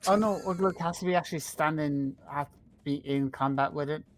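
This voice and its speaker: A player at a tabletop game, hesitant and thinking out loud about moves. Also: medium pitch, fairly quick. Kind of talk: casual tabletop play.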